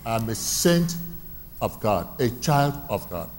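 A male preacher delivers a sermon in a church hall, and his voice carries a long reverb. He throws questions out to the congregation and hammers his key lines by repeating them. Faint room ambience sits under his mid-pitched voice. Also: very animated, takes it slowly, slight background noise. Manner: call-and-response questions, repeating key phrases.

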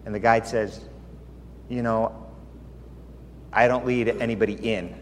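A man's voice: fairly low pitch, steady tone, measured pace, slight background noise. A man preaching as a pastor, earnest and confiding as he tells a personal story within a sermon. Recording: long hall reverb, faint ambience.

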